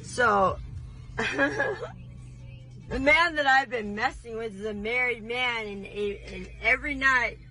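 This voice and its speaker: A woman's voice: on the high side, moderate pace, few pauses, sharp tone, faint music behind, poor audio. A woman in a car pulled over, talking to camera in a rambling, laughing, defiant confessional rant. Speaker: vlogger.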